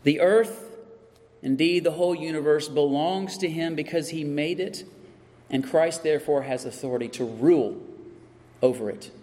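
A man's voice: a little high, normal speed, warm tone. Man preaching in a reverberant hall. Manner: preaching with rising emphasis and repeated phrases. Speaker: pastor. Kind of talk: sermon.

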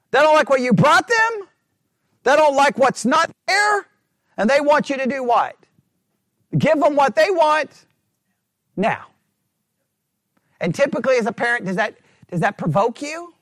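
Fields: Sex: man. Role: pastor teaching a Bible study. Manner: animated, self-mocking, often checks in with "right?" Style: sermon. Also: extremely high pitch, a little slow, long pauses, dry recording, studio quality. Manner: animated, self-mocking, acts out whiny quoted voices; frequent "right?" check-ins with listeners.

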